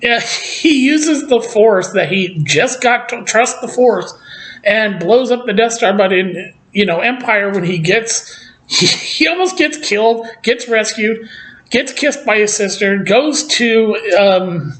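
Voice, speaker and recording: A speaker giving a casual opinion rant about films, profane, exasperated and sarcastic, mocking characters with quick put-on quotes. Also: medium pitch, expressive, fairly bright tone, low-quality recording. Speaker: film commentator.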